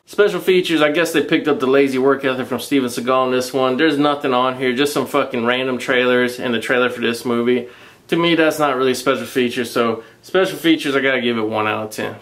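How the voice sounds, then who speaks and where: A man giving a casual, profanity-laden movie review, recounting the plot in a crude, mocking, animated way and laughing along. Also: mid-range voice, a little fast.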